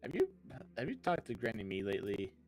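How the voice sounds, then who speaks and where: A man's voice: lowish voice, huge pitch swings, fast talker, darkish tone, faint music behind, rough recording. A man playing his character in a tabletop game, talking earnestly and steadily with many restarts. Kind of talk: in-character role-play.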